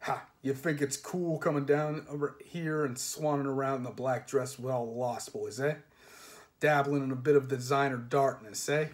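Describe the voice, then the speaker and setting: A man's voice: medium pitch, steady tone, moderate pace, close to an everyday voice. A man voicing a menacing, leering boogeyman who taunts. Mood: taunting.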